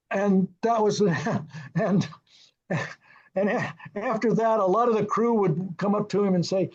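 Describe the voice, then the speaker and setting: An older man, a film director, telling anecdotes in an interview, lively and chuckling as he acts out what others said. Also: high voice, lo-fi sound. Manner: lively, acts out quoted dialogue, chuckles often.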